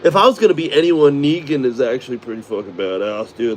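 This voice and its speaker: A man's voice: medium pitch, fast, a little hiss or hum. A middle-aged man from Chicago rambling casually, cursing and laughing often. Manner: profane, laughs often, does voices. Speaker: vlogger.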